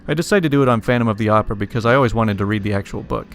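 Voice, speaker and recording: Speaking very fast in a lowish register, this male story reader breezes through amusing online tales, laughing and dropping dry comments along the way. There's faint music behind him.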